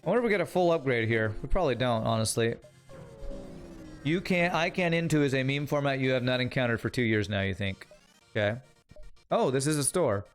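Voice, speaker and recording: With a mid-range voice, lively intonation and a brisk pace, a young man streams a game over soft background music. He comments casually on his play and talks to his chat, teasing them wryly.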